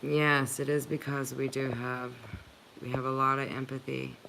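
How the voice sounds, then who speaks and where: A woman's voice: a bass voice, completely flat delivery, normal speed, creaky, sharp tone, slight background noise. A woman hosting a livestream, chatting earnestly and emotionally with viewers, with many filler "likes". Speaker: channel host reading live chat.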